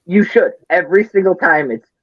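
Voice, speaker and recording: A man with a Midwestern US accent rambles and swears through casual podcast banter, often tripping over his words. His voice sits a little high for a man. The sound is dry and slightly muffled. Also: animated, a little fast, no echo. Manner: rambling, profane, flustered ranting. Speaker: podcast co-host. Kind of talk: casual chat.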